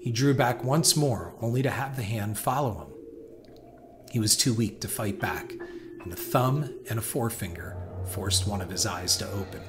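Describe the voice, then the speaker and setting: A man giving a measured, dramatic scripted narration of a horror story. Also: fairly low pitch, music in the background. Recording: noisy hiss behind voice.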